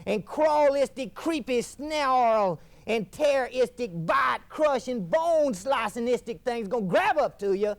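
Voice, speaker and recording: An actor playing a fiery male TV preacher, delivering a folksy fire-and-brimstone sermon with wild swings in pitch. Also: expressive, measured pace, hardly any pauses, full character voice. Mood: preaching. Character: fiery male TV preacher thundering about damnation. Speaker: televangelist. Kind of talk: scripted mock TV sermon.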